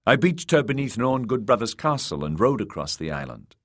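A man's voice: mid-range voice, big pitch swings, brisk, a bit bright, pitched above the performer's own voice. A man reading an audiobook, voicing a confident young woman warrior who teases her uncle. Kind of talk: audiobook character voice.

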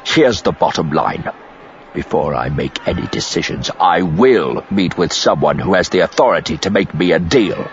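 A man's voice: low-pitched, animated, normal speed, highs cut off. A man voicing a hissing, menacing crime boss. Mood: calculating. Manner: quiet, clipped, hissing delivery.

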